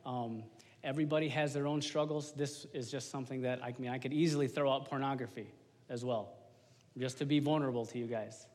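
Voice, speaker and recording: A man in his thirties, a lay preacher giving an informal, animated sermon to a congregation. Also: medium pitch, brisk. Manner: casual, animated, slangy, talks to the congregation. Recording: long hall reverb.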